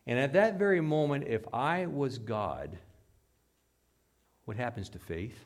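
A pastor preaching a sermon, reading scripture aloud dramatically and dropping into quiet asides, asking the congregation questions. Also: male voice, medium pitch, animated, a little slow. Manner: dramatic, swings between loud scripture reading and hushed asides.

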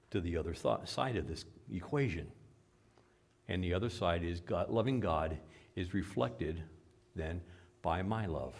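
A pastor with a Midwestern American accent, preaching a sermon that swings from quiet to loud emphasis. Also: male voice, low voice.

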